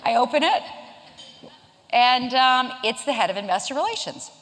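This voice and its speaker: A woman in her fifties from South Carolina tells a lively story in a keynote talk. Her voice jumps around a lot in pitch, and she mixes humor with a chatty delivery. The sound carries a long reverb from a lecture hall. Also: moderate pace. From Charleston, South Carolina. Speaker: keynote speaker. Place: event hall.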